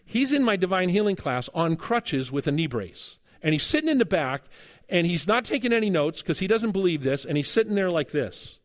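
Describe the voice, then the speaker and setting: A middle-aged man preaching a sermon, telling a lively story with humor and chuckles as a guest preacher and seminary teacher. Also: high-pitched, a little fast.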